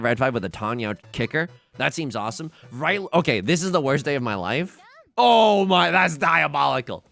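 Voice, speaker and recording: A man's voice: mid-range voice, gravelly, fairly bright tone. A young man casually commentating his own gameplay, thinking aloud and joking at his own expense. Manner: chatty, self-mocking, thinks aloud with frequent laughs. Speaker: let's play host.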